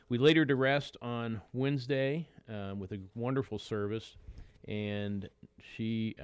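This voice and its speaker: A man's voice: fairly low pitch, dry recording. A middle-aged man hosting a radio show, talking in a conversational, reflective way with frequent restarts. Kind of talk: casual radio talk.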